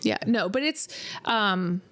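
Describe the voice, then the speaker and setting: A female podcast co-host takes her time, speaking in an expressive, mid-range voice with a fairly bright tone. She chats casually and tells stories, acting out her clients' remarks.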